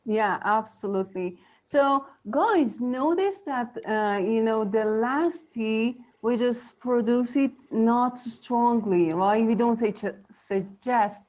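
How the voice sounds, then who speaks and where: Woman co-host, unhurried teacher, light high voice, loose filler-heavy delivery. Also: a little mellow, dull audio. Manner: chatty, many fillers, laughs often. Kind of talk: casual live English lesson.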